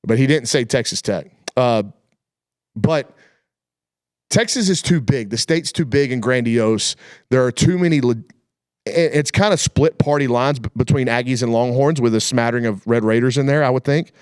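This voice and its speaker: Folksy guy hosting a sports chat show, mid-pitched voice, really dry close sound. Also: moderate pace, darkish tone, clear, resonant tone, no echo. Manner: folksy, colloquial storyteller. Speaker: sports talk show host. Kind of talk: casual chat.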